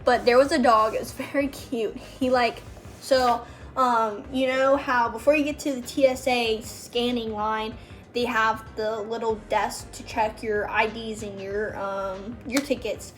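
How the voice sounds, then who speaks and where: A woman's voice: a little high, fairly even intonation, unhurried, faint music behind. A young woman telling stories about working as a background extra, casual and chatty, full of fillers and quoted voices. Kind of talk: casual storytelling.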